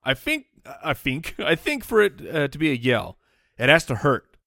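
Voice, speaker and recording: Male comedy co-host, bright, very lively, quick playful interjections. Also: a little high, dry recording, clean studio sound. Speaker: podcast co-host. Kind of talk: casual comedy chat.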